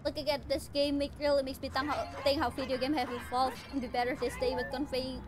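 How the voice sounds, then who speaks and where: High-voiced playful woman gaming streamer. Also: level tone, fast talker, music in the background. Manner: playful, with mock-outraged exclamations. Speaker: streamer playing a video game. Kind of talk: live gameplay commentary.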